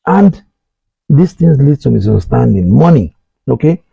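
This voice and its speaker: A man's voice: on the high side, expressive, normal speed, gravelly, dark tone, husky, no room sound, muffled recording. A middle-aged Nigerian man hosting a talk show, giving earnest advice and repeating his points while speaking straight to his listeners. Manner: earnest, repetitive, addresses listeners directly. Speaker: host. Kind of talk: advice monologue.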